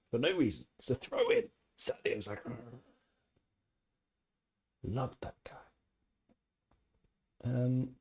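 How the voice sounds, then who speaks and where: A man hosts a casual live stream from home and reads viewer comments aloud. He rambles from point to point with firm opinions and jokey asides. His voice is mellow and dark with a slight husky edge. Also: mid-range voice. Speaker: podcast host reading live chat.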